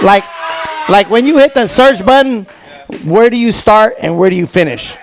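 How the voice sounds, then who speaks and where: A man doing a stand-up comedy set on stage, telling stories with lively quoted voices. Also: sits high, moderate pace, noisy background. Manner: animated storytelling with quoted voices. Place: comedy stage before a live audience.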